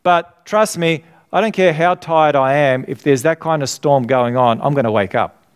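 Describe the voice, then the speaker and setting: A man's voice: fairly high pitch, moderate pace, clear, resonant tone. A middle-aged man preaching a sermon, earnest and conversational, often asking the congregation to fill in his words. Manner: asks the congregation questions to fill in. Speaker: pastor.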